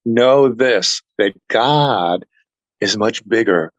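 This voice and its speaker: Earnest man with a low voice. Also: extremely slow, no room sound, highs cut off. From family heritage is Norwegian. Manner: earnest, animated retelling that acts out other people's lines. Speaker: interview guest. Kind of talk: personal storytelling in a casual chat.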